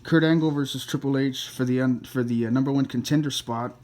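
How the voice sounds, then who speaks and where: A man's voice: medium pitch, fairly even intonation, brisk, darkish tone. A man talking casually to camera as he reviews his DVD collection, rambling, with many fillers and self-corrections, blunt and a little crude.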